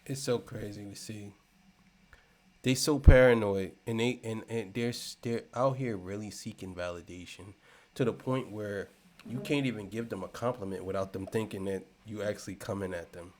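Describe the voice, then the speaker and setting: A man giving a casual commentary rant, repeating himself and swinging between loud and soft. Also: fairly low pitch, moderate pace. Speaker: commentary channel host.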